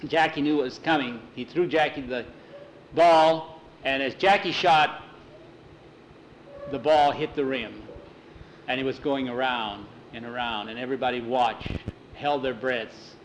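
A man telling a sports story in a folksy, animated way, with many "he said"s. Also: medium pitch, measured pace, slight background noise, low-quality recording. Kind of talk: told story narration.

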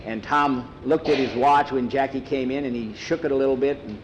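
Man, storyteller, plain homespun narration, unhurried, mid-pitched. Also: fairly even intonation, background noise. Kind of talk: oral storytelling.

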